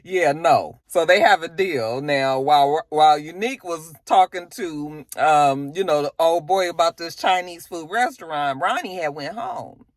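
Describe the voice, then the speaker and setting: A casual TV recapper tells the episode like gossip with a friend, dropping asides and fillers along the way. The voice swings widely up and down in pitch. The sound is dry and close, with little room. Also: unhurried, hardly any pauses, no echo. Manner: animated, slangy storytelling with frequent asides and fillers. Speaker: TV episode reviewer.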